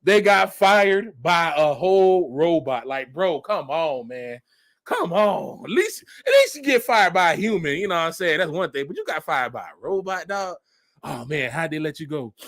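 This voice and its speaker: A man's voice: a little high, big pitch swings, normal speed, a bit bright. A man reading news headlines aloud and adding sarcastic commentary, laughing often. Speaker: commentary vlogger.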